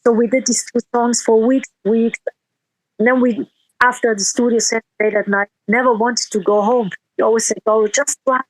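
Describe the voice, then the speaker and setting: A woman's voice: a little high, fairly even intonation, normal speed, no room sound, poor audio. Woman, interviewed musician, emotional rambling storytelling, dry close sound. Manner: emotional, rambling with restarts and quoted dialogue.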